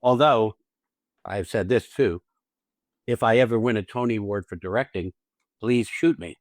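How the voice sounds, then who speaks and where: A man with a lowish voice hosts a podcast as an acting teacher, speaking at a moderate pace in clean studio sound with no echo. He talks casually and animatedly, swears freely, and acts out little scenes with quoted lines.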